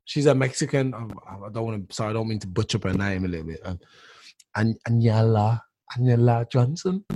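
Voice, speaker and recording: A man's voice: fairly low pitch, a little fast, mellow. A man, hosting a casual chat, rambling and tacking man onto his sentences. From England. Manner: rambling, says man a lot. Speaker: podcast host.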